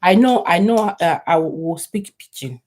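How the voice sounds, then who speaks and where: A woman's voice: lowish voice, measured pace, a little mellow. A Nigerian woman chatting casually to her viewers on a live stream, rambling and laughing often.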